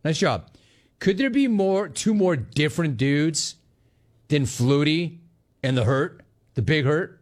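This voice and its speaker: A middle-aged man hosting a sports call-in radio show, telling stories in an animated, joking way. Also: a little high, takes it slowly, pauses often. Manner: animated, jokey storytelling. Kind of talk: casual call-in radio talk.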